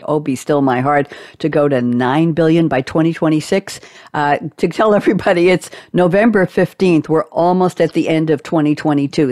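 A woman's voice: low voice, no room sound, clean studio sound. Playful woman hosting a panel. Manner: playful, animated reading. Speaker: host. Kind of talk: casual panel chat.

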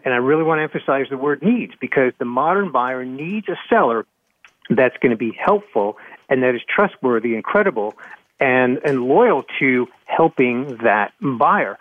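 Animated man on a tinny phone line. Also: medium pitch, unhurried, no echo. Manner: animated, emphatic, repeats words. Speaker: panelist. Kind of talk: conversational radio talk.

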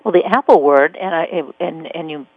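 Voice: mid-range voice, moderate pace, vocal fry, no room sound. Chatty radio host on a tinny line. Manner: conversational, thinks aloud with fillers. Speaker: radio talk show host. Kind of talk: radio interview. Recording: dry, phone-like radio sound.

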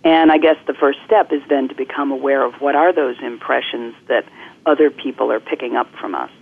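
A woman guest coach explaining things clearly and articulately in an interview, speaking over the phone. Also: rumbling low, steady tone, brisk. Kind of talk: interview on a podcast. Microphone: telephone. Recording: phone-line call-in audio.

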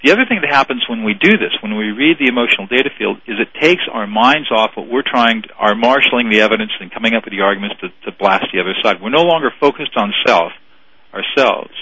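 A man's voice: lowish voice, lively intonation, quick pace, bright, forceful tone, slightly rough, no echo, muffled recording. A man guest on a radio show, earnestly explaining conflict mediation in a phone interview, often repeating words.

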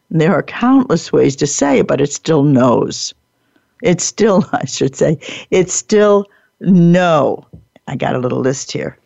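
A woman hosting a podcast, giving a deliberate, emphatic teaching talk and repeating her key phrases. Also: low-pitched, gravelly, dark tone, dry recording, dull audio. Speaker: podcast host. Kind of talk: teaching talk on workplace improvement.

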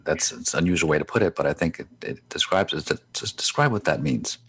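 A man interviewing a guest, asking relaxed, loosely phrased questions. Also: a bass voice, fairly quick, husky.

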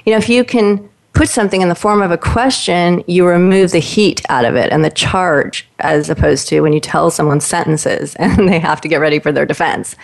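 Lower-voiced woman telling a lively story. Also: a little fast, creaky, few pauses. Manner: animated storyteller, voices the people in her stories. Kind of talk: casual conversational storytelling.

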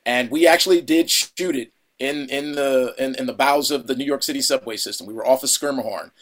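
A middle-aged man, an actor, telling a story in an interview with many restarts and fillers, now and then acting out a shouting director. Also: medium pitch, brisk. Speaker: actor guest. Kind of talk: casual interview anecdote.

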